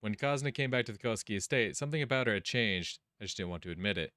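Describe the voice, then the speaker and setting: A man's voice: lowish voice, animated, rapid-fire, pushed and bright, no echo, clean studio sound. A man hosting a let's play, reading visual novel text aloud and musing casually about the plot. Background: game music.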